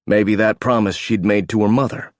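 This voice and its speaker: A man narrating an audiobook in a steady, measured reading voice. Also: on the low side, dry recording, studio quality. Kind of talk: scripted narration.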